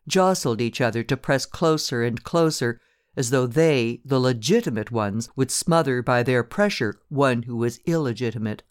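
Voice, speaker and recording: A man narrating a classic short story in a measured, steady storytelling manner. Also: medium pitch, smooth, dry recording, clean studio sound.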